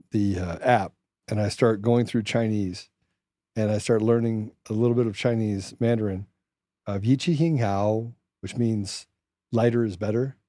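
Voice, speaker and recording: A man's voice: fairly low pitch, dark tone, no echo, clean studio sound. A man co-hosting a casual political chat show, joking around, putting on silly accents and telling rambling anecdotes. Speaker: co-host.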